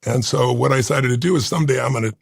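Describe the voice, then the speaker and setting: A man in his sixties with a gravelly, husky voice. He tells a deeply personal story in an interview, earnest and intense. The sound is dry and close to the mic. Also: racing, no echo. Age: 60s. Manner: earnest, intense, rough gravelly voice, moved to tears. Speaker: interview guest.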